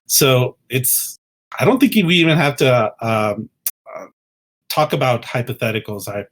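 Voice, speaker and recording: A man's voice: mid-range voice, expressive, measured pace, fairly bright tone. A man co-hosting a podcast in casual political chat, earnest and often restarting his sentences. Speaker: podcast co-host.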